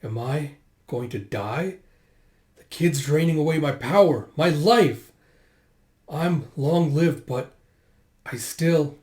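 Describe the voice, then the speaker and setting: A man's voice: a little high, slow pace, mellow, echoey room. A man reading aloud as a cruel, bitter aging male dragon warrior from a comic, with a sneering manner. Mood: desperate.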